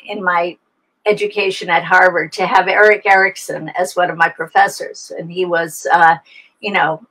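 A woman's voice: fairly low pitch, little pitch movement, normal speed, a bit bright, poor audio. An older woman from the United States, an adoption expert talking reflectively in an interview over a video call, often restarting her sentences. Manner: reflective, storytelling, frequent restarts.

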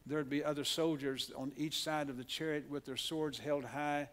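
Southern pastor guy preaching in church, kinda high voice, repeats himself a lot, earnest. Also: steady tone, moderate pace, fairly bright tone. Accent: Oklahoma, Southern US. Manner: earnest preaching with frequent restarts, leads the congregation in call-and-response. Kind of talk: sermon. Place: church sanctuary.

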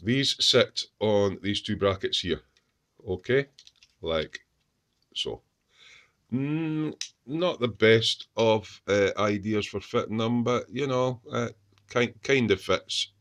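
A man's voice: on the low side, expressive, slow pace, a bit bright. A man with lots of ums and restarts, showing his model truck build in a casual workshop video. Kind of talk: casual workshop show-and-tell.

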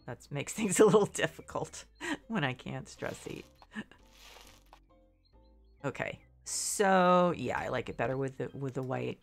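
A woman's voice: rumbling low, expressive, unhurried, creaky, pauses often, soft background music. A congested middle-aged woman chatting casually while streaming a game, rambling and second-guessing herself. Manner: rambling, self-doubting, restarts often. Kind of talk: casual gameplay commentary.

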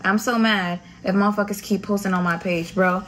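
A young woman from the United States tells her story like a chat with friends, blunt and full of slang and swearing. Her voice sits at a middle pitch. A faint hum of ambience stays under her voice. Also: fairly even intonation, fairly quick. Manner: slangy, profane, candid. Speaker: vlogger recounting Navy boot camp. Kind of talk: casual storytime vlog.

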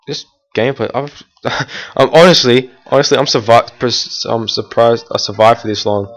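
While playing a game, a teenage boy keeps up a loose running commentary full of false starts and filler words, now and then bursting out in irritation at what's happening on screen. He speaks at a moderate speed in a mid-range voice with a slightly bright tone.

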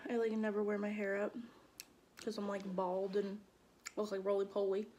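A woman's voice: medium pitch, flat delivery, normal speed, mellow, slight background noise. A young woman vlogging to camera, flustered and a bit shaky, her mouth numb from spicy food. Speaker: mukbang vlogger. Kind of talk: casual vlog talk to camera.

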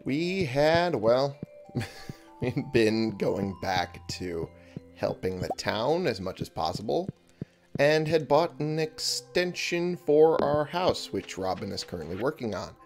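A man's voice: medium pitch, very animated, slow pace, faint music behind. A man giving casual gameplay commentary, sleepy and yawning, chatty and thinking aloud with frequent chuckles. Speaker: let's play gamer.

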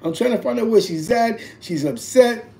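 Brief: man doing an anxious mom on the phone, rushed and repetitive. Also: very high-pitched, vocal fry, mellow, slight background noise, voice pushed up. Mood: frantic. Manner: rapid, repetitive, frantic. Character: worried mother, frantic woman.

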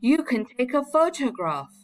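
A woman voicing Wilf, an adventurous young boy who calls out excitedly. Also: high voice, a little slow, soft background music, voice pushed up. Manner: calling out, excitable.

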